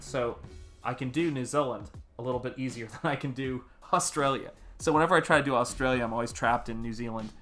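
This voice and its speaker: American male stream host, rambling and friendly, bright tone, faint music under him. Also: medium pitch. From United States. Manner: rambling, chatty, greets viewers in chat. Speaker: artist livestream host. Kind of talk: casual livestream chat.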